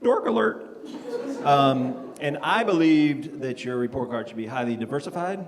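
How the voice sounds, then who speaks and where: Middle-aged man, stand-up comic, self-deprecating and unhurried, reverberant live room. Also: medium pitch, animated. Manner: self-deprecating, laid-back with frequent ums. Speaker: stand-up comedian. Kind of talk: stand-up comedy set. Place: comedy club stage. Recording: live club recording with long reverb and noise.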